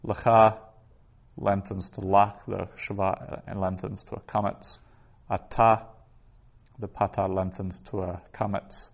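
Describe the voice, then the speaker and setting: A male teacher lectures a class in a slightly low voice. He explains each point patiently and in order, with ums and restarts along the way. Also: little pitch movement, slow pace, vocal fry. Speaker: Hebrew teacher.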